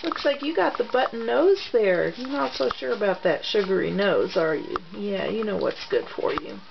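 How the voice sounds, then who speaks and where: A woman's voice: mid-range voice, lively intonation, normal speed, gravelly. A woman at home filming her dogs, cooing to them in sing-song baby talk. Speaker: dog owner filming her pets. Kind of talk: home video, talking to pets. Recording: dull lo-fi home video with background noise.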